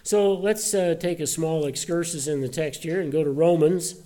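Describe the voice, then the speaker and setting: A man preaching a sermon to his church, earnest and conversational, often pausing with uh and restarting his sentences. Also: a little high, steady tone, warm tone. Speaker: pastor. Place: church service.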